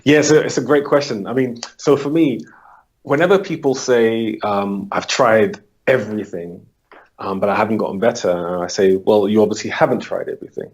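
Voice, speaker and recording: A man's voice: fairly low pitch, darkish tone, breathy edge, muffled recording. A man being interviewed as a holistic coach, patiently explaining his approach and acting out his talks with clients. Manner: acts out client dialogues, brisk and patient. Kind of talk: conversational explanation.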